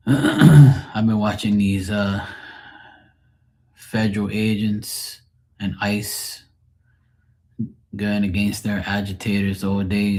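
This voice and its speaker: Husky low-voiced man chatting on a livestream. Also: steady tone, slow pace, pauses often, dark tone. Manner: rambling, conversational, clears throat often. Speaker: livestream host. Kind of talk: casual livestream chat reading comments.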